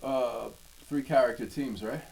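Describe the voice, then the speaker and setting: A man's voice: medium pitch, steady tone, unhurried, vocal fry, darkish tone, slightly rough, poor audio. A man co-hosting a gaming podcast, joking and ribbing the others. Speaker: podcast co-host. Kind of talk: casual podcast chat.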